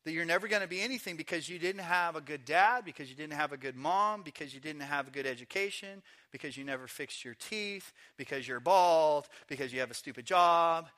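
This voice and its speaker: A man preaching a sermon in a church, telling stories with animated acted voices. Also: high-pitched. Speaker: pastor.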